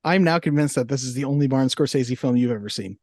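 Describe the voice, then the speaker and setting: A man's voice: mid-range voice, fast, a little mellow, no echo, clean studio sound. A man co-hosting a film podcast, speaking casually with wry, teasing asides. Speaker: podcast co-host. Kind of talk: casual chat.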